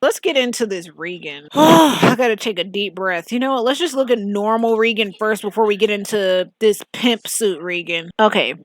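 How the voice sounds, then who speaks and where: A woman talks through a story game in a loose, chatty way. She is blunt and quick to sound exasperated, and her voice sits at an ordinary middle pitch. The recording is close and dry, with no room sound. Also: dry recording. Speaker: game reviewer. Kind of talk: casual gameplay commentary.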